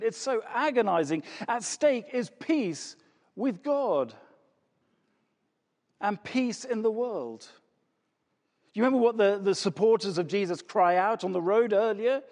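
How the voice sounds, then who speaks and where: A man preaches in a large church hall, his voice high and sweeping up and down as he stresses words. He asks rhetorical questions and repeats key phrases, and a long hall reverb trails each line. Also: lively intonation, a little slow, pauses often, a little mellow. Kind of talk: sermon.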